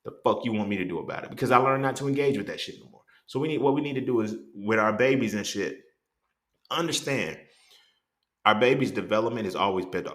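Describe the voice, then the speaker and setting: A host with a lowish, fairly bright voice runs a casual monologue that's blunt and peppered with profanity. He keeps turning to the listener with "you feel what I'm saying?", and there's a roomy echo on the recording.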